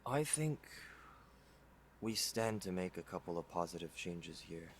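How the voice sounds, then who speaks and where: A man playing in a tabletop game, speaking in a calm, low-key way. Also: measured pace, a little hiss or hum. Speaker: player. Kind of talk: tabletop role-play chat.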